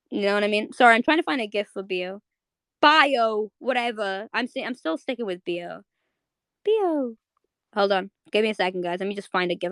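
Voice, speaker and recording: Brief: young woman chat host, excitable and emotional, casual cursing, dry close sound. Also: on the high side, dry recording. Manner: gushing, emotional, swears freely, rambling. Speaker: host of a live audio chat.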